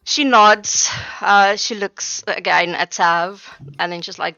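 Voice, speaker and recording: A woman game master narrates a tabletop game in a relaxed way, full of fillers. Her voice is bright and gravelly and sits a little low. The mic sounds dull, dry and lo-fi. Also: slow pace, no room sound.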